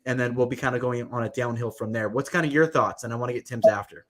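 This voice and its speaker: A man's voice: medium pitch, fairly even intonation, fast. A man hosting a casual livestream chat, talking with lots of fillers and a friendly tone. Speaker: livestream host.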